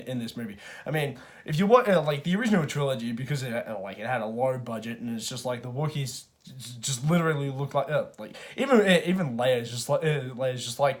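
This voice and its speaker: Male reviewer, mid pitch, loose chatty delivery, lots of false starts and filler, casual swearing. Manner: rambling, many restarts and fillers. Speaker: movie reviewer. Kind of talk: casual spoken film review.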